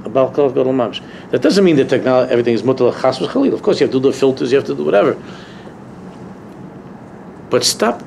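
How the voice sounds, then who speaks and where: A man's voice: medium pitch, a little mellow, slight background noise. A man, a rabbi, teaching a Torah class to students in an emphatic, repetitive way that builds to impassioned peaks. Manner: emphatic, repeats key phrases, rising to impassioned peaks. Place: university lecture room.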